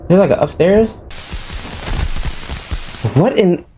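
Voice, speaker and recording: A man's voice: high voice, expressive, slow pace, mellow, a little hiss or hum. A man who is a gaming YouTuber gives jumpy, exclaiming commentary full of casual slang while playing a horror game.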